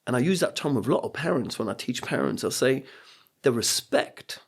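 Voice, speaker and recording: Earnest gravelly-voiced man telling stories. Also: medium pitch, expressive, a little fast. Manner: earnest, motivational, acts out quotes. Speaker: guest, coach and speaker. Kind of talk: reflective podcast storytelling.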